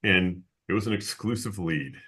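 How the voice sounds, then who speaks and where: A man with a low, forceful voice tells a story as a guest in an interview, jumping into the voices of the people he quotes. He laughs often and restarts his sentences as he goes. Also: normal speed, husky. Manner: animated storyteller who acts out the people he quotes. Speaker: guest, insurance agency owner.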